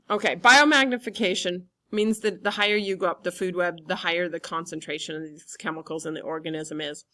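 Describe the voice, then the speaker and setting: A woman teacher giving a relaxed classroom lecture, chatty and full of fillers. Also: on the low side, a little fast, few pauses.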